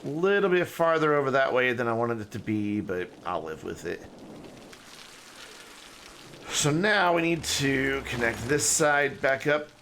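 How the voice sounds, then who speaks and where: A man's voice: mid-range voice, a bit bright, slight background noise. A man streaming a city-building game, chatting casually and thinking aloud as he plays, his sentences rambling and trailing off. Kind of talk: casual live gameplay commentary.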